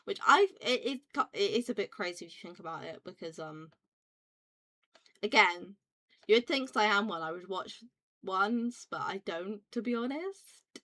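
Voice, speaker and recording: A woman's voice: medium pitch, lively intonation, unhurried, pushed and bright. Rambling young British woman streamer. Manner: rambling, swears freely, frequent restarts and fillers. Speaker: VTuber streamer. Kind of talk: casual chat stream.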